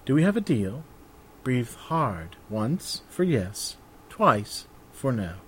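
A genial male bard from a storybook speaks in polite, formal turns with quiet amusement, as a man plays him. His voice stays close to an everyday male middle register. He sounds calm and in control. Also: medium pitch, slow, a little hiss or hum. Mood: courteous.

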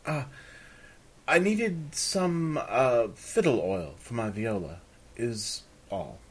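A man's voice: medium pitch, animated, slow, slightly rough. A man doing a flustered, charming young bard. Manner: florid, apologetic, evasive.

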